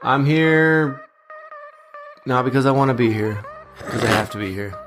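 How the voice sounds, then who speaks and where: A man's voice: medium pitch, a little slow, fairly bright tone, faint music behind. A man in his thirties co-hosting a sports podcast, chatting casually, joking and reading out stats. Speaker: podcast co-host.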